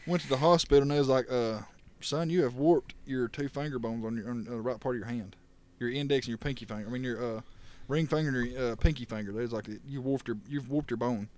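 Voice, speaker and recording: A man's voice: medium pitch, fast talker, darkish tone. A young man telling wild stories on a casual podcast, laughing and acting out what people said. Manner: rowdy, laughing storyteller who acts out quotes. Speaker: podcast co-host. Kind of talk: casual storytelling chat.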